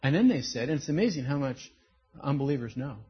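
Speaking fast in a husky, medium-pitched voice, this pastor delivers a sermon full of animated stories, voicing each quoted character himself. It comes through as a dull lo-fi recording.

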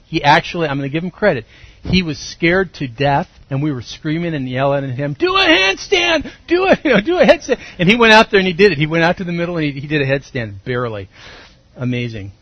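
A middle-aged man preaching a sermon in a church, telling stories with lively acted-out voices. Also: fairly high pitch, husky, no echo. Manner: animated storytelling, acts out voices and shouts. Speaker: pastor. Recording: dry, slightly muffled recording.

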